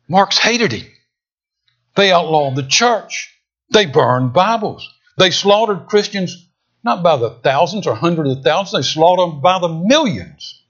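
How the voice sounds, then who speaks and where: Male preacher, sermon, slow deliberate delivery, husky tone, dull lo-fi recording, dramatic swings from loud to hushed. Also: high-pitched, lively intonation. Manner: dramatic, swinging from loud emphatic peaks to hushed near-whispers. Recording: dull lo-fi sound.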